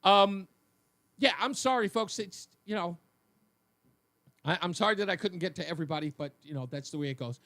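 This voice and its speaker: A man's voice: sits high, fairly quick, long pauses. A man with a New York accent hosting a talk radio show, joking and laughing through casual banter. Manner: jokey, animated, laughs often.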